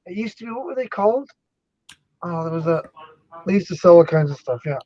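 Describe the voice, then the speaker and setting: A man chatting casually as an academic guest, animated and jokey, rambling through his thoughts. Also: high voice, a little fast, no room sound, lo-fi sound. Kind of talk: casual chat.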